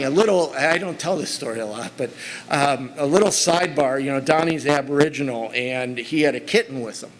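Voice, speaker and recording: The audio is poor, but a middle-aged man's mid-range voice comes through as he presents a conference talk with slides. He tells his audience stories about his work, sounding earnest and conversational.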